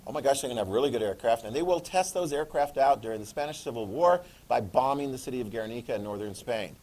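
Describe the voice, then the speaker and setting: A middle-aged man giving a classroom history lecture in a jokey, animated way, acting out quick voices. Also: mid-range voice. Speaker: history teacher.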